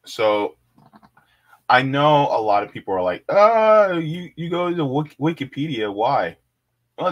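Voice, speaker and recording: A man hosting a casual livestream, chatting with viewers, reading web pages aloud and laughing easily. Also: lowish voice. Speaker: livestream host.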